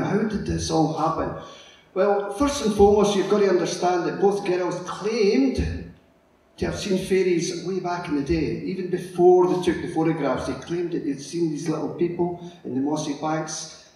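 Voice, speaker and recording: A middle-aged man giving a lively, storytelling conference talk and acting out the characters. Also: a little high. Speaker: conference speaker. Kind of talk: illustrated public lecture. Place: conference hall. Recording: echoey hall, distant mic, faint noise.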